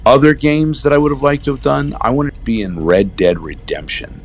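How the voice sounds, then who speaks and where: A middle-aged man, a voice actor, chatting as a guest in an interview and telling stories with animated asides. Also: mid-range voice, faint music behind. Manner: animated storyteller, slips into quick character voices. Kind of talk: casual interview chat.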